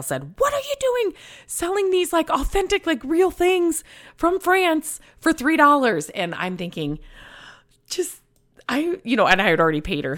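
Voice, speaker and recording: A woman hosting her own show, chatting casually and rambling, with many fillers, restarts and easy laughs. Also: deep voice. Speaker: podcast host. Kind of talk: casual solo chat.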